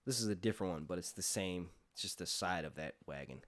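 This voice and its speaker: A man's voice: low-pitched, expressive, fast, fairly bright tone. A man hosting a casual live stream chat, rambling loosely, swearing freely and often breaking into laughter. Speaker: YouTube host.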